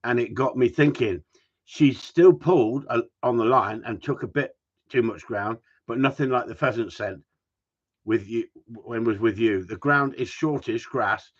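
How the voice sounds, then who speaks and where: A man's voice: mid-range voice, normal speed, breathy edge, muffled recording. A middle-aged man answering viewers' questions about gundog training, blunt and rambling, swearing casually. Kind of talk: live stream Q&A chat.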